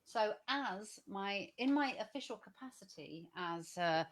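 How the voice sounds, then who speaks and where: A woman's voice: medium pitch, expressive, measured pace. A woman co-hosting a casual online show, playful and mock-ceremonious, who also reads a poem aloud. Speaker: co-host and poem reader. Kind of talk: casual chat and poem reading.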